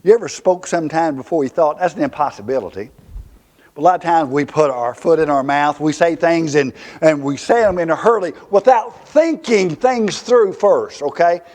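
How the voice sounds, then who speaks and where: Southern guy preaching hard in church, fiery, goes loud then quiet, voice sits a bit high. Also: normal speed. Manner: fiery, emphatic preaching that swings from loud to hushed. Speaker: pastor. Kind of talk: sermon.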